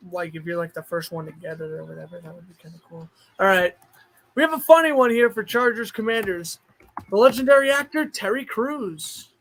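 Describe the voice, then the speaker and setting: A man hosting a casual livestream, chatting and thinking aloud, with sudden bursts of excitement. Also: high-pitched, low-quality recording. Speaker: streamer host.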